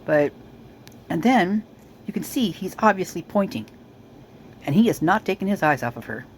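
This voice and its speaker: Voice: mid-range voice, sing-song, moderate pace, a little hiss or hum, rough recording. Rambling, suspicious video commentator. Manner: rambling, full of fillers and restarts; suspicious, speculative. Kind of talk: casual commentary over news footage.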